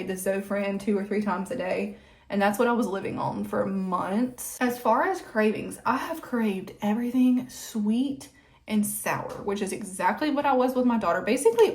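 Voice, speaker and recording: A woman's voice: medium pitch, slight background noise. A young adult woman chatting casually while getting ready, rambling with lots of "like", a little out of breath. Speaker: vlogger. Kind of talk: casual get-ready-with-me chat.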